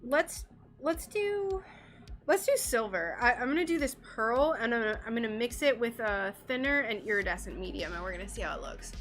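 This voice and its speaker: Bubbly woman craft streamer, high voice, unhurried delivery, soft music behind. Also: lively intonation. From United States. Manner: bubbly and chatty, greets viewers warmly by name. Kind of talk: casual live-stream chat while painting glass.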